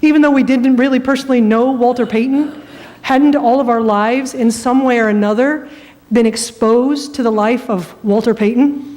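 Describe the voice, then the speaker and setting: A woman's voice: on the high side, moderate pace, distant mic. Woman pastor preaching in an echoey hall. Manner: conversational storytelling, animated. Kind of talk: sermon. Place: church sanctuary. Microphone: microphone that cut out.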